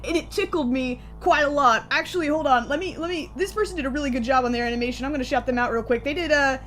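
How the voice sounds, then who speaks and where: A woman's voice: high-pitched, quick pace, a bit bright, a little hiss or hum. A young woman streamer giving goofy, rambling let's-play commentary and laughing often. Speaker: gaming streamer.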